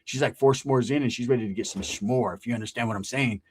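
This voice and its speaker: A man's voice: medium pitch, fast, breathy edge, pitched below the performer's own voice, lightly acted. A man voicing his reluctant, henpecked cousin, mumbling whiny excuses.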